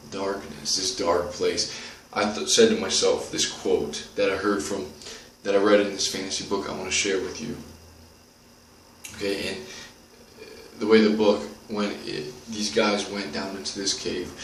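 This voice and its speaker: Earnest deep-voiced man giving a pep talk. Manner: earnest, repetitive, addresses viewers directly. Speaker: motivational video host. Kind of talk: motivational monologue. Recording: roomy, distant from the mic, faint noise.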